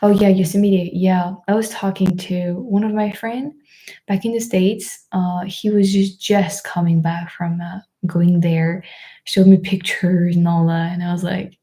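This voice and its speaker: Woman, French accent, young adult, mellow, chatty live stream host, frequent fillers. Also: fairly low pitch, fairly even intonation, measured pace. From France. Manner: chatty, many fillers and restarts, laughs often. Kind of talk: casual live stream chat.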